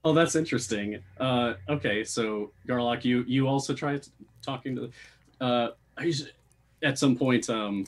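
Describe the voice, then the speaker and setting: A man narrating as game master of a tabletop game, lively, laughing often and filling pauses with "uh". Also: mid-range voice.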